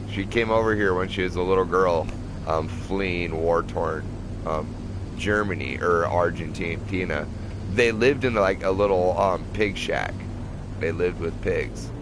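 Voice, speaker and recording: Give me a man with a lowish voice doing casual, profane gameplay commentary, with game noise in the background. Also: a little slow. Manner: profane, rambling, laughs often. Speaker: gamer playing a flight combat game.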